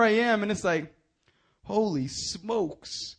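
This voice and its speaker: A young male preacher with a voice that sits a little high. He tells stories with lively, swinging energy, then turns quiet and earnest when he makes his point. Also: slow pace. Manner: animated storytelling, swinging from hushed to loud. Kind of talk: sermon.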